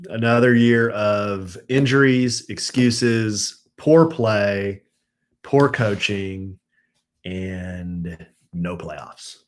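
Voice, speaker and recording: A middle-aged man hosting a casual live stream from home, chatting with viewers and ranting in exasperation. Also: drawn-out words. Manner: chatty, turns exasperated and high-pitched when ranting.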